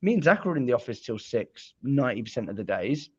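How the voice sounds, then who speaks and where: A British man talking sales on a video call, blunt and chatty, with lots of filler likes and quick restarts. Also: mid-range voice, big pitch swings, breathy edge, no echo, muffled recording. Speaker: sales guest. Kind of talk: casual panel chat.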